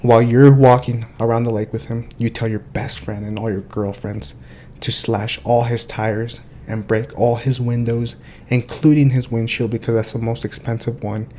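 A young man co-hosting a casual podcast, telling stories with lively acted-out scenes and dropping the odd Spanish phrase. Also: mid-range voice, normal speed, slight background noise. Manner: animated storyteller, acts out scenes with voices. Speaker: podcast co-host.

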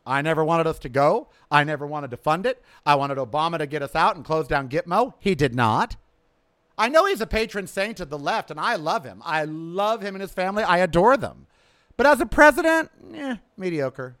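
A man hosting his podcast, delivering a sarcastic, ranting political monologue that swings from loud outbursts to low mutters. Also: big pitch swings, moderate pace. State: coughing from smoke in throat. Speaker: podcast host. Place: outdoors.

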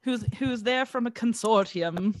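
A woman's voice: fairly high pitch, unhurried, no room sound, studio quality. A woman co-hosting a podcast in casual chat, recapping a TV episode, laughing often and acting out quoted lines. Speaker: podcast co-host.

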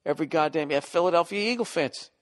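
A man's voice: fairly high pitch, fast. A middle-aged man ranting casually and profanely as a podcast host, sounding exasperated.

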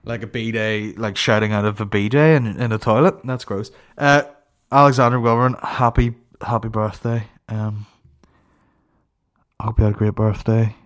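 A man's voice: on the low side, fairly even intonation, moderate pace. A man hosting a comedy podcast, rambling in profane, sarcastic banter. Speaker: podcast host.

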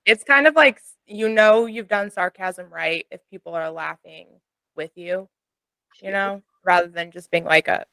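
A woman's voice: medium pitch, normal speed, creaky, sharp tone, no room sound. A woman co-hosting a podcast in casual chat, chatty and teasing, laughing often. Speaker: podcast co-host.

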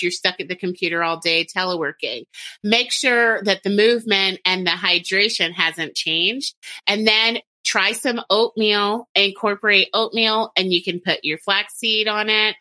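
A woman co-hosting a podcast chats casually and hands out practical nutrition tips. Her voice is very bright and forward, and she speaks at an ordinary middle pitch. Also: moderate pace. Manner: chatty, practical, advising. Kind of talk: casual advice chat.

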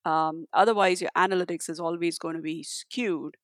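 A woman guest in a conversational interview, talking in a halting way with many fillers and restarts. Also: lowish voice, steady tone, no room sound, studio quality. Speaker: guest, tech leader.

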